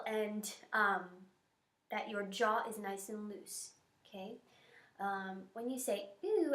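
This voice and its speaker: A woman teacher guiding students through breathing and posture warmups in an encouraging, instructive way. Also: medium pitch, measured pace, far from the mic. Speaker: music teacher. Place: school music room. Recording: echoey room.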